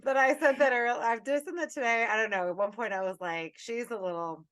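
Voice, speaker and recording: A woman co-hosting a podcast in casual chat, animated and rambling, swearing freely, on a remote call. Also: on the high side, brisk, clear, resonant tone. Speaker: podcast co-host.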